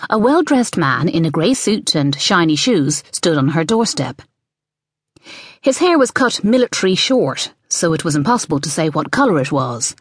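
Expressive female audiobook narrator; lower voice, dry studio sound. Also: normal speed, husky, dry recording. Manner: expressive storytelling. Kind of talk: scripted narration.

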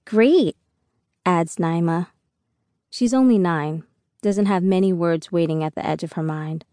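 A woman reads a first-person audiobook in an unhurried, reflective manner. Her voice sits somewhat low and mellow. The recording is close and dry. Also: clear, resonant tone, no echo. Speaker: audiobook narrator.

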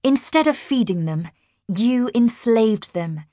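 A woman's voice: fairly high pitch, lively intonation, slow, warm tone, no room sound, studio quality, voice pushed up. A woman narrator voicing a confident young woman warrior who speaks firmly and questions sharply. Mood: commanding. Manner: firm, questioning.

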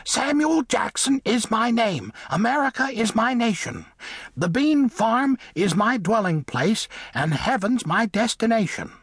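A man doing a small hoarse boastful mole. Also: sits high, very animated, a little slow, fairly bright tone, no room sound, clean studio sound, voice pushed up, full character voice. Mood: proud. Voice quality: small husky voice like a hoarse mouse. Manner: defiant, boastful, repeats himself. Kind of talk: audiobook character voice.

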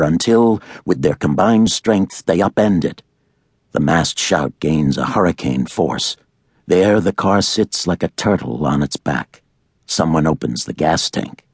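A man narrating a thriller audiobook in a measured, dramatic way. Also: a bass voice, slightly rough, no room sound, studio quality.

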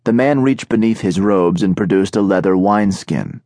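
A man narrating an audiobook in a steady, measured storytelling manner, recorded on a studio microphone. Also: deep voice, no room sound. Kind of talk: scripted narration.

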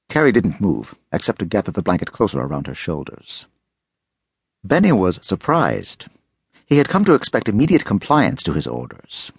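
A male audiobook narrator tells a gritty thriller with expressive, dramatic delivery. His voice is gravelly and husky, and it swoops through a wide range. The recording is dry and close. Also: low-pitched, moderate pace, no room sound.

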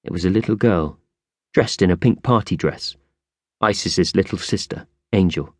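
A man narrating a children's audiobook with expressive storytelling. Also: deep voice, moderate pace, no room sound, clean studio sound. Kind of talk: scripted narration.

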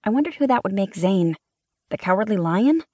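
A woman's voice: medium pitch, animated, brisk, mellow, dry recording. Wry woman narrating a cozy mystery. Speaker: audiobook narrator. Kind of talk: first-person mystery audiobook narration.

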